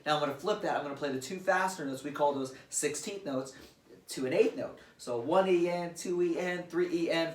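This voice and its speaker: Drum teacher guy counting beats out loud, bit of a high voice, echoey room. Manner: counts beats aloud, explains plainly. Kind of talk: casual instructional demo. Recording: roomy and distant, loud drums behind. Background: loud drum playing.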